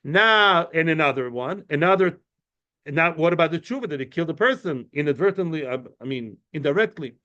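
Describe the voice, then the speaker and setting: A man's voice: fairly high pitch, animated, fairly quick, sharp tone. A man teaching an informal study class, explaining in a chatty way with many asides and answering students' questions. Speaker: Talmud teacher. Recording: muffled lo-fi recording.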